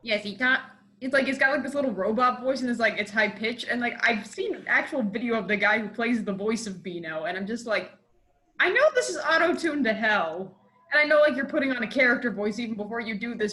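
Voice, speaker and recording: A woman chatting on a casual podcast, with a voice pitched a bit above average. She rambles along with plenty of fillers in a loose, friendly way. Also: fairly quick, bright, forceful tone. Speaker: podcast guest and tabletop player.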